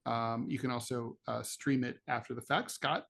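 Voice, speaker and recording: A man's voice: medium pitch, fairly even intonation, normal speed, vocal fry, fairly bright tone. A middle-aged man co-hosting a political podcast, telling rambling stories with jokey asides in casual chat. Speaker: podcast co-host, political cartoonist.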